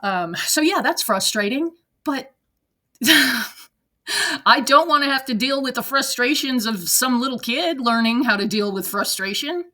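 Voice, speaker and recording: Blunt, bright-voiced Gen X woman. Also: high-pitched, lively intonation, unhurried. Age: 40s to 50s. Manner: blunt, profane, laughing rants. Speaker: reaction video host. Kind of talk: reading and reacting to online posts. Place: at a desk at home.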